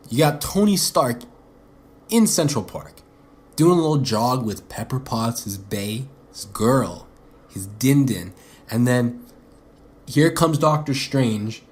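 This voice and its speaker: A young man hosting his own podcast alone, rambling off the cuff and swearing freely. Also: medium pitch. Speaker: podcast host. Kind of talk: casual solo podcast monologue.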